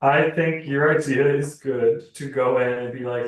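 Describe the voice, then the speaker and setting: A man's voice: medium pitch, fairly even intonation, measured pace. A man playing a tabletop game, talking through plans with dry jokes. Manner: wry, joking, talks plans through. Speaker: tabletop player. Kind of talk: casual tabletop chat. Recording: echoey room, distant mic.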